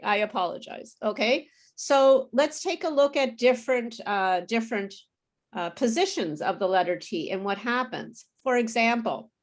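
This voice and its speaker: A woman tutoring English pronunciation over a video call, explaining slowly and patiently. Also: mid-range voice. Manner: slow, careful teacher explaining with apologies and laughs. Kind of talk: online pronunciation lesson.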